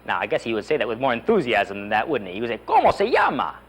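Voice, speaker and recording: A man's voice: fairly low pitch, animated, racing. A man teaching a beginner Spanish lesson, drilling phrases and urging learners to repeat. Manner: enthusiastic, drills phrases with repeat-after-me prompts. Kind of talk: animated language lesson.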